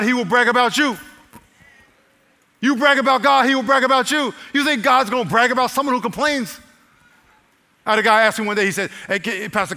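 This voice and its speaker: High, bright-voiced pastor preaching loudly. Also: male voice. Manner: swings from shouting to soft gentle asides. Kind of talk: preaching a sermon. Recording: live sermon with long hall reverb.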